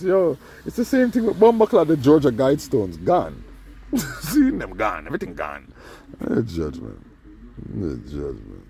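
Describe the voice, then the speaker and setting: A man giving a rambling casual monologue, tagging his sentences with "man" and "yeah" and swinging between low mutters and loud bursts. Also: slight background noise. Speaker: channel host.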